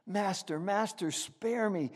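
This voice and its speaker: A man voicing a gentle, modest bamboo plant who pleads with his master in a trembling voice and then gives in softly. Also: sits high, slow. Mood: hushed surrender. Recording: echoey hall.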